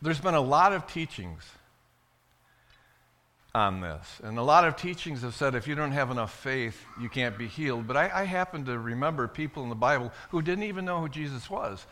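Animated, bright-voiced male preacher. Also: mid-range voice, moderate pace. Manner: animated, swings from loud to hushed, dramatic retelling. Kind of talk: sermon.

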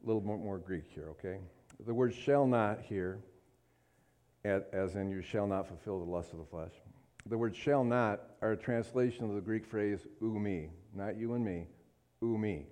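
A man's voice: lowish voice, moderate pace, a little mellow. A man preaching a sermon, emphatic and fervent, often asking the congregation for an amen and rising to impassioned peaks. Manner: emphatic, calls for amens, rises to fervent peaks.

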